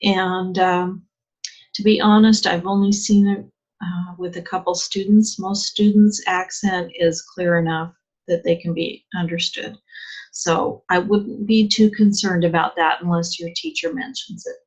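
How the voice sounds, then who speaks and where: A woman's voice: on the low side, steady tone, measured pace. A woman teacher giving a chatty English exam lesson, asking rhetorical questions and using plenty of fillers. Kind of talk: online lesson. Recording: dull lo-fi sound.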